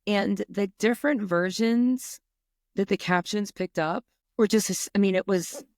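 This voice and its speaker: A woman co-hosting a podcast, chatting casually with quick, wry asides. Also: mid-range voice, dry recording, clean studio sound. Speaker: podcast co-host. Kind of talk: casual chat.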